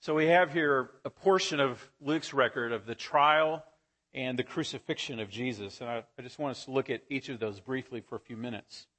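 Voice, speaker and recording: A man's voice: mid-range voice, a bit bright. Man reading scripture in a sermon. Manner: measured, earnest reading. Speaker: preacher.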